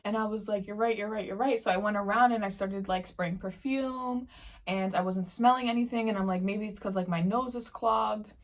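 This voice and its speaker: A woman's voice: medium pitch, normal speed. A young woman vlogger chatting casually in slangy storytelling while she eats on camera. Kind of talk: casual mukbang Q&A chat.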